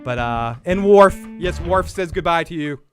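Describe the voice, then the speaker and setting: A man co-hosting a podcast in casual chat, rambling and restarting, with energetic sign-offs. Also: on the high side, normal speed, soft background music. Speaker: podcast co-host.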